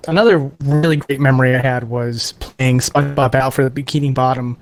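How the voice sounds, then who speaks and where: A man on a gaming podcast, recalling old episodes in a nostalgic, animated way. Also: medium pitch, a little fast. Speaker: podcast guest. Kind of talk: casual podcast chat.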